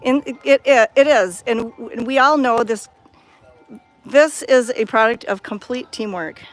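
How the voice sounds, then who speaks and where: A bubbly, chatty woman with a fairly high voice, filming a casual vlog while she walks around outdoors. She talks into a handheld phone camera with plenty of enthusiasm. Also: unhurried, faint music behind. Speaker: cat sanctuary vlogger. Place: outdoors at a cat sanctuary.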